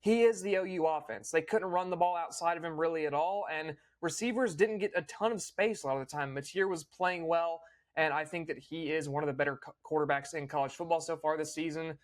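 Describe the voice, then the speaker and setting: A young man hosting a casual recap, opinionated and fluent, with quick small restarts. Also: fairly high pitch, steady tone. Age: young adult. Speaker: host.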